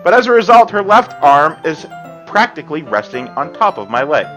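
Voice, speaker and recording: A male let's-play gamer reads a visual novel aloud and breaks in with sarcastic, quick reactions and the odd curse. His voice is mid-pitched, with a bright, forceful tone. Faint game music plays underneath. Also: sing-song, highs cut off.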